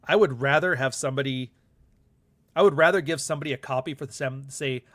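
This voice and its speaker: A man's voice: medium pitch, brisk, a bit bright. A man hosting his own podcast, talking in a rambling, candid, casual monologue and swearing freely. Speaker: podcast host and author.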